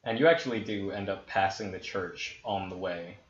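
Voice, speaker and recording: A man running a tabletop game, narrating scenes in a hushed, dramatic way. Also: sits low. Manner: slow, hushed dramatic storytelling. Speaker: dungeon master. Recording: roomy, dull lo-fi with faint hiss.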